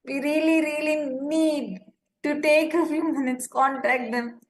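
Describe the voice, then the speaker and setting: A woman's voice: high-pitched, fairly even intonation, unhurried, slight background noise. A woman presenting an urgent live-streamed appeal, impassioned, pleading and indignant.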